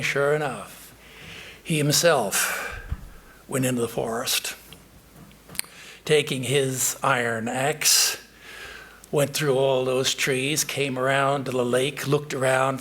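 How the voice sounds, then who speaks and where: Man, monk, sermon, slow, husky, measured, hesitant. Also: medium pitch, steady tone, a bit bright. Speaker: monk giving a talk. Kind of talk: sermon with storytelling. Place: temple.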